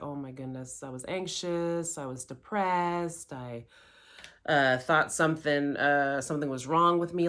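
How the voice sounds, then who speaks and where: A woman's voice: deep voice, a bit bright. A middle-aged woman, a life coach, candidly telling a personal story with lots of quoted self-talk.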